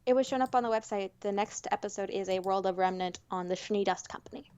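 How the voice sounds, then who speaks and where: A woman co-hosts a casual fan podcast, animated and quick with laughing asides. Her mic sounds dull and lo-fi, with a dry, close room. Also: medium pitch, clean tone, dry recording. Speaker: podcast co-host.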